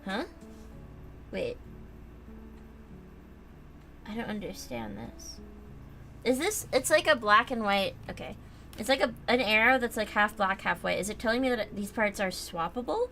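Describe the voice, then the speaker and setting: A woman's voice: medium pitch, very animated, measured pace, long pauses, bright, forceful tone. A young American woman chatting casually on a livestream while she builds a model kit, rambling and reading chat aloud with lots of fillers. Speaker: streamer. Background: faint background music.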